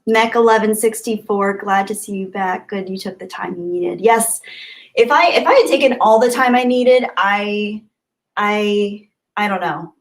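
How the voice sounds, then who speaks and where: Her mid-range voice is unhurried as she runs a livestream and reads through the chat. She greets viewers warmly and gushes her thanks, keeping things casual and chatty with plenty of laughs.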